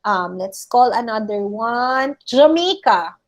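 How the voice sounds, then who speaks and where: A woman's voice: a little high, expressive, takes it slowly. A woman teacher with a Filipino accent, giving an online class lecture and often checking in with "okay?" and "all right?". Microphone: video call.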